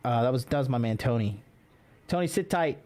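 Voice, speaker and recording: A man's voice: medium pitch, lively intonation, brisk, darkish tone. A young man hosting a podcast live stream, chatting casually in a brash, joking, profane way. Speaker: podcast host.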